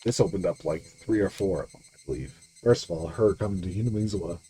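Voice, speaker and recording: A man's voice: deep voice, animated, fast, mellow, a little hiss or hum, rough recording. A man streaming a game, muttering casual commentary to himself.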